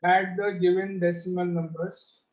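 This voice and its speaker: A man's voice: high-pitched, little pitch movement, a little slow. A man teaching an online maths class to children, explaining patiently step by step over a video call. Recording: roomy, dull lo-fi call audio.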